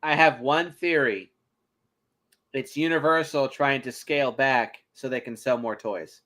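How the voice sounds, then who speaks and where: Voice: mid-range voice, a little slow, fairly bright tone. A co-host of a film review chipping in with short, dry remarks. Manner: dry interjections. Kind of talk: casual film review chat.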